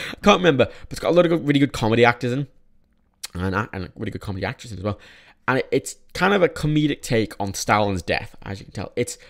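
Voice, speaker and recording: A man's voice: mid-range voice, very animated, quick pace, gravelly. A young man casually reviewing films in a vlog, rambling with many restarts and frequent swearing. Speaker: film reviewer.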